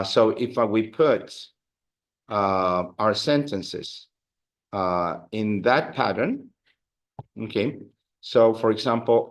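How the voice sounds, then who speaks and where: A man teaching a Spanish class, explaining grammar and leading drills, with many fillers and restarts. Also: on the low side. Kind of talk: classroom language lesson.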